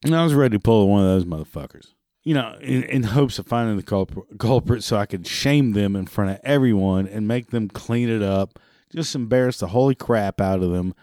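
A man's voice: on the low side, normal speed, mellow, dry recording, studio quality. A man delivering a profane, exasperated monologue rant. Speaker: ranting commentator.

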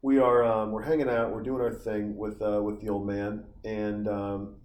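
A man's voice: lowish voice, level tone, normal speed, a little mellow. A man in his forties from Montana, telling stories in a casual, profane, wandering monologue outdoors. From Montana, USA. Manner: profane, tangent-prone storyteller. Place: outdoors on a summer vacation. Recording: roomy sound with faint ambience.

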